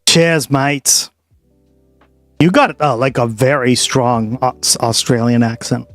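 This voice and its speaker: A man's voice: mid-range voice, slow. A streamer with a mid-range voice talks in a laid-back way and reacts to his chat. Faint music plays behind him. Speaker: streamer host.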